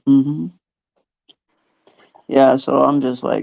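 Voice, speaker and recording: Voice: medium pitch, takes it slowly, creaky, long pauses, no echo, muffled recording. A podcast host in casual chat, telling stories with a laugh and acting out the people in them. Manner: animated storyteller who acts out quoted voices; laughs often.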